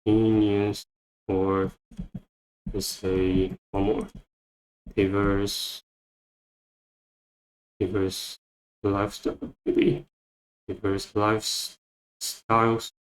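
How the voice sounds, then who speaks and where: A man teaching English vocabulary, repeating each word and phrase slowly as he explains. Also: on the low side, flat delivery, poor audio. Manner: repeats words many times, thinking aloud. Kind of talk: slow, repetitive vocabulary lesson.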